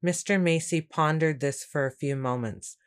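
A woman reading a first-person story aloud in a steady, measured way. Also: sits low. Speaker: audiobook narrator. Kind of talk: first-person scripted narration.

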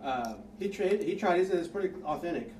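Brief: man, lively heckler, off-mic in a roomy space, faint noise. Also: sits high, a little fast, distant mic. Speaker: podcast co-host. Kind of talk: casual banter. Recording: echoey room, off-mic.

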